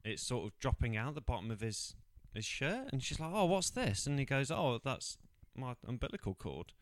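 A man in casual podcast chat, retelling film scenes with quick put-on voices. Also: medium pitch, lively intonation, dry recording. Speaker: podcast co-host.

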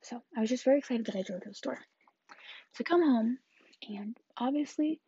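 A woman's voice: a little high, dark tone, slightly rough, no echo, highs cut off. An eighteen-year-old woman chatting through a rambling vlog story, often dropping into whispered asides. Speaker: vlogger.

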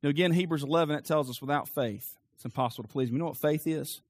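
A male pastor preaching a sermon with an emphatic, rising cadence, then leading a quieter prayer. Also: fairly high pitch, rapid-fire, dry recording.

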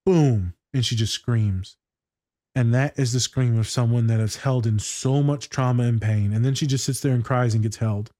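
Reacting to a TV scene, a therapist talks bluntly and curses freely while he shares stories in relaxed conversation. His mid-range voice is mellow and dark, with fairly even intonation at a moderate pace, caught in a dry, close recording with no room echo.

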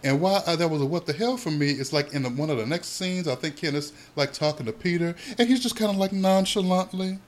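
A man co-hosting a podcast, chatting casually about a soap opera, animated and swearing freely as he acts out the characters' lines. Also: fairly high pitch, fast talker, few pauses. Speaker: podcast co-host.

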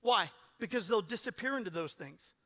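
A male pastor preaching a sermon in a lively way, acting out the voices of people in his examples. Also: high voice, moderate pace. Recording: long hall reverb.

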